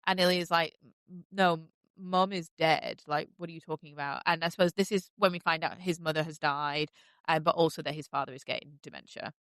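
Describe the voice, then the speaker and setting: A chatty woman, talking loosely through a recap full of fillers and sudden gushing. Her voice is bright and crisp, close and dry on the mic, a little low for a woman. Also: steady tone, a little fast, dry recording. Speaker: podcast host recapping a TV series. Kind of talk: casual recap chat.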